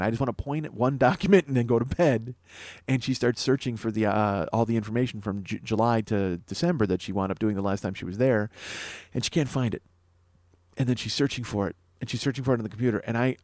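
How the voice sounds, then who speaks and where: A man's voice: mid-range voice, darkish tone, no echo. Exasperated man ranting his story. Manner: exasperated, profane, self-mocking. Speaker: podcast host. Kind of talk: rambling comic storytelling.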